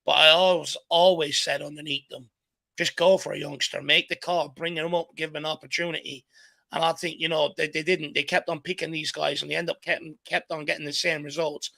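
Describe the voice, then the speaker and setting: Irish man, host, casual football chat, earnest, tense bright tone, higher voice. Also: little pitch movement, brisk, gravelly, dry recording. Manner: earnest, repeats words as he builds points.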